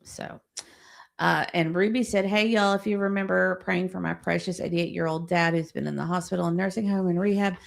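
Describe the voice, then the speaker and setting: A woman's voice: lowish voice, fairly even intonation, a little fast, gravelly. A woman hosting a casual livestream, reading viewer comments aloud and chatting back.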